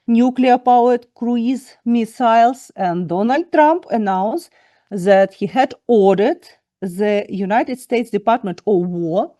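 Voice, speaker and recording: Slow, mellow-voiced woman interviewer. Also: medium pitch, no echo. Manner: slow, careful questioning with restarts. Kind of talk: broadcast interview.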